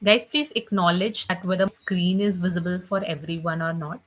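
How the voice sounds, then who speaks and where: A woman's voice: fairly low pitch, steady tone. Woman teaching French over a call. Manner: fillers of "you know, like", slow repeated drilling of sounds. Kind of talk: online class lesson. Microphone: computer mic on a video call. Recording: slightly dull lo-fi call audio.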